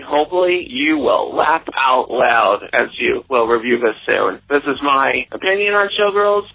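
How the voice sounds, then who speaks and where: A man's voice: mid-range voice, creaky, slightly rough. A man leaving a rambling, earnest phoned-in movie review as a caller to a podcast. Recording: tinny phone line.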